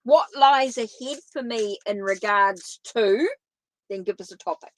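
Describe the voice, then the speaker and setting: A woman's voice: medium pitch, measured pace, rough recording. A woman from New Zealand with a Kiwi accent, giving tarot readings on a live stream in a chatty way that repeats itself and answers viewers. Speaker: tarot reader.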